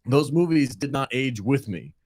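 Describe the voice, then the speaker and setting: A man's voice: medium pitch, animated, moderate pace, darkish tone. A man in his thirties co-hosting a casual panel chat as a movie critic, explaining his views earnestly.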